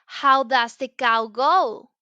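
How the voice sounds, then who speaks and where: A woman teaching a children's English lesson in a slow, exaggerated, encouraging sing-song way, with frequent praise. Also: high voice, sharp tone, clear, resonant tone, no echo. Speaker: English teacher for young learners.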